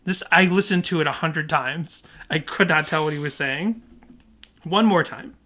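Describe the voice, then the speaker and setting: A man co-hosting a casual podcast, animated and puzzled, often laughing as he talks. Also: fairly high pitch, moderate pace. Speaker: podcast co-host.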